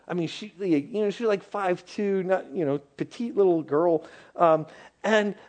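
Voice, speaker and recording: A man delivers a conversational sermon in a fairly high voice. He speaks in a casual, animated way and sometimes drops to a hushed near-whisper. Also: a little slow. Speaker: pastor.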